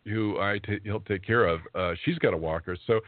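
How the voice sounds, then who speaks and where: A man's voice: on the low side, fairly quick, no echo. A man in his fifties hosting a talk radio show, chatting casually and rambling, often laughing as he talks. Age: 50s. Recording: dry, phone-like internet radio audio.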